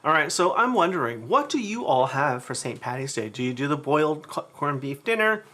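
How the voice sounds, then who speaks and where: Bright-voiced chatty man hosting a cooking stream. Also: fairly high pitch, sing-song, a little fast. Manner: chatty storyteller who talks to the chat. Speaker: cooking show host. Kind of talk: live-streamed cooking demo.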